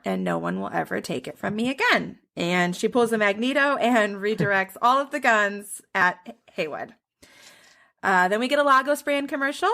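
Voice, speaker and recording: A woman hosting a podcast, quickly retelling a TV episode in casual chat and laughing often. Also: mid-range voice, creaky, a bit bright. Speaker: podcast host.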